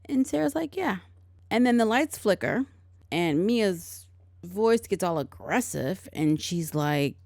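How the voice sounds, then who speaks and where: Chatty woman with a gravelly edge. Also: medium pitch, very animated, a little slow, a little mellow, dry recording, studio quality. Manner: chatty, sarcastic asides, acts out lines from the film. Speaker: podcast host recapping a film. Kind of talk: casual movie recap.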